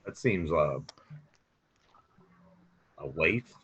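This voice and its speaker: Male player, very deep voice, curious questions, dull lo-fi mic. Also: animated, very slow, a bit bright, breathy edge. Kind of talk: tabletop role-play questioning.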